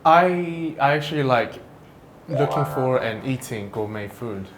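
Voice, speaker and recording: A man from New Zealand answering interview questions in a relaxed way, often repeating words as he looks for how to say things. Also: medium pitch, measured pace, noisy background. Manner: hesitant, repeats words while searching for phrasing. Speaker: interview guest.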